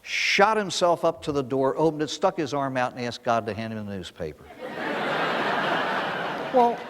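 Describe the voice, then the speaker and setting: A man's voice: mid-range voice, moderate pace, in a large hall, a little hiss or hum. An older man, a priest, giving a recovery talk to an audience, telling stories and asking rhetorical questions. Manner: storytelling, animated, with rhetorical questions.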